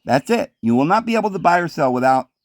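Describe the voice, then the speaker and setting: A man rambles through a sardonic video commentary, his pitch jumping all over the place. The sound is dry and close, with no room echo. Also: quick pace. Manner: sardonic, meandering, animated.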